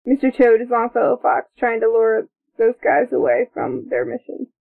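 A woman co-hosting a casual chat about a film she is watching, excitable and reading out her notes. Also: on the high side, normal speed, vocal fry. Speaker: podcast co-host. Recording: tinny phone-like sound.

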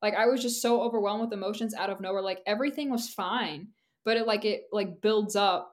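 This young podcast co-host talks briskly at medium pitch, keeping things loose and candid. She wanders between thoughts, laughing often and filling gaps with "like."

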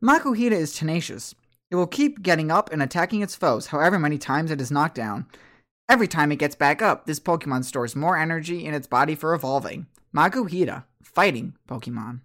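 Monster encyclopedia device, loud announcer, game master doing it. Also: medium pitch, animated, fairly quick. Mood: reciting.

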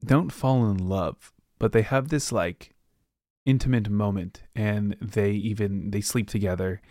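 A man's voice: lowish voice, measured pace, warm tone, no echo, clean studio sound. A man hosting a podcast from home, casually recapping a book in a rambling way, often slipping into loose quoted asides. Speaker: podcast host. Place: at home with his dog.

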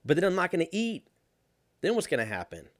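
A young man telling a casual story in a sarcastic, profane, animated way. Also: fairly high pitch, brisk, no room sound, clean studio sound.

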